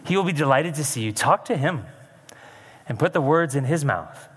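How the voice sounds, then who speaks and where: A man voicing God in a sermon retelling, speaking in slow, measured, commanding tones. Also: expressive, a bit bright, husky, long reverb tail. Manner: measured, slow, low and deliberate. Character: God, calm commanding divine male voice.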